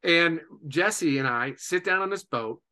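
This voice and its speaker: A man in his forties from Indiana with a bright, forceful voice set a little high for a man. He tells a long anecdote with animated energy, stringing his sentences together with frequent "and, uh" fillers. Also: a little slow. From Indiana, USA. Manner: lively storyteller, many "and, uh" fillers. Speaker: podcast guest.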